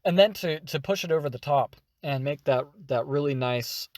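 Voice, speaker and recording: A man explaining voice acting techniques in an energetic, demonstrative tutorial. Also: fairly high pitch, normal speed, few pauses, no room sound, clean studio sound. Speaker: voice acting teacher.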